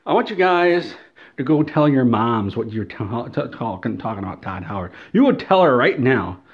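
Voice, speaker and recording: A man's voice: medium pitch, very animated, moderate pace, lo-fi sound. A man delivering a satirical, mock-outraged rant in an exaggerated, whiny way. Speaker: comedy video creator.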